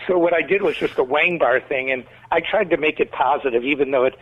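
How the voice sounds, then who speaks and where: A man's voice: a little high, quick pace. Talkative Chicago man on a tinny line. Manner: rambling, talkative storyteller. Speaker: guest musician. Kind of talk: casual interview talk.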